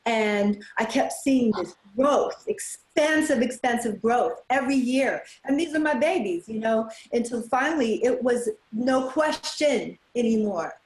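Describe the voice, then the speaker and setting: A woman's voice: on the high side, animated, measured pace, hardly any pauses, darkish tone. A woman hosting an interview as the festival organizer, speaking in an emphatic, heartfelt way. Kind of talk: casual interview chat. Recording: echoey room.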